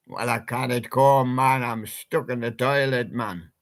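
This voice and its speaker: A man voicing cheeky stuffed toy animal guests in higher, sing-song put-on voices. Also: steady tone, slow pace, no echo, studio quality. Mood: grumbling.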